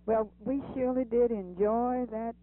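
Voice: mid-range voice, steady tone, normal speed. A speaker chatting casually on the phone, mostly giving short friendly replies. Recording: tinny phone line with faint noise.

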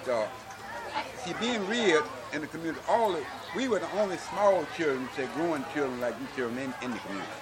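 A man's voice: on the high side, lively intonation, quick pace, a loud crowd. An older man, telling stories from his childhood in a folksy manner and often asking "see?". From Alabama, US. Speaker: interviewee. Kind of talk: oral history storytelling.

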